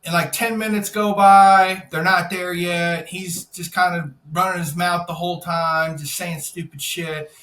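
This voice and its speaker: Speaking unhurriedly with hardly any pauses, a high-pitched man shares a wild story as a guest on a podcast; he's an insurance broker. It's profane and animated, with him acting out people's words, and the sound is roomy.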